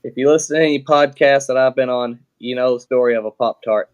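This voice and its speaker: A man guesting on a podcast, telling a story at a relaxed, unhurried clip. His delivery is plainspoken and rambling, full of fillers and restarts. He swears now and then, sitting at a middle pitch. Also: clean tone, lo-fi sound. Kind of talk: casual storytelling.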